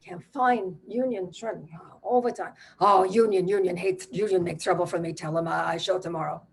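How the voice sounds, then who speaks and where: A woman doing a gruff deaf father, clipped speech. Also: fairly low pitch, fairly even intonation, moderate pace, a little hiss or hum, close to an everyday voice. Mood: urgent. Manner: clipped, fragmented phrases.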